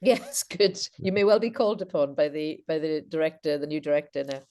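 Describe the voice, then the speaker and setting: Low-voiced woman on a video call. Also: a little fast, mellow. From Britain, half Welsh half Scottish. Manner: chatty anecdotal storyteller with frequent false starts. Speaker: guest speaker. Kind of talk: informal Q&A chat.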